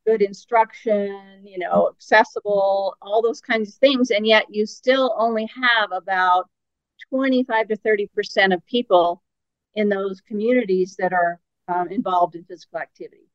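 In this conversational interview, a female guest expert on active aging builds her arguments by asking question after question, speaking with earnest conviction. Her pitch sits in the medium range and her pace is moderate. The audio is dry and a little dull, with a lo-fi quality.

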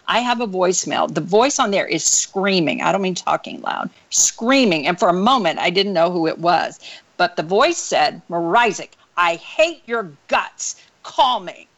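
A woman sales coach with an energetic, animated way of telling stories, speaking as a guest over a call. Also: fairly low pitch. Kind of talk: storytelling interview answer. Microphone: call recording.

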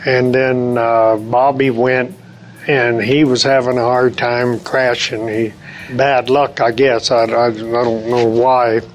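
A man's voice: medium pitch, level tone, takes it slowly, slight background noise, low-quality recording. A man in his seventies, a retired racer telling long anecdotes in an interview, acting out old conversations and restarting his sentences often. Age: 70s. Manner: rambling anecdotes, acts out quoted dialogue, frequent restarts. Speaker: retired race car driver, interview guest.

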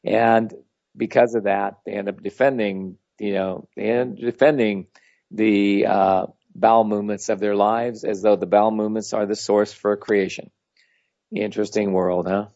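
Man, gravelly, low voice, blunt rambling storyteller, dry dull lo-fi sound. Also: flat delivery, moderate pace, a little mellow, no room sound. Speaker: spiritual teacher. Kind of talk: casual storytelling talk. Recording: dull lo-fi audio.

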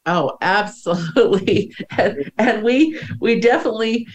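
A woman's voice: mid-range voice, lively intonation, a little slow, slight background noise. A middle-aged woman co-hosting a spiritual podcast, emotional and teary, laughing often and restarting her sentences. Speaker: podcast co-host. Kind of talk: casual spiritual podcast chat.

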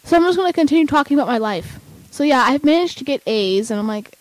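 A young woman chatting casually as a vlogger, excitable and rambling with lots of fillers. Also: high-pitched, fast, no room sound, low-quality recording. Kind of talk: casual chat.

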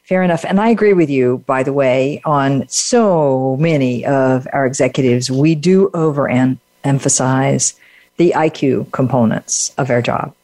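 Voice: medium pitch, measured pace, a little mellow, dry recording. A podcast host interviewing a guest, responding in an affirming and reflective way.

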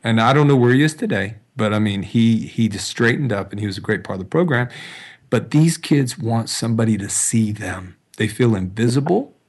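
A man hosting an interview, telling a story in a lively conversational way and acting out the dialogue. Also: lowish voice, a little fast, breathy edge. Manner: animated storyteller, acts out quoted dialogue. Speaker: host.

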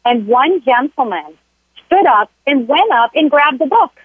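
A woman's voice: sits high, big pitch swings, a little slow, no room sound. A woman guest on an interview show telling a story in an earnest, motivational way. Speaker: guest, health coach. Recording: tinny dry phone line.

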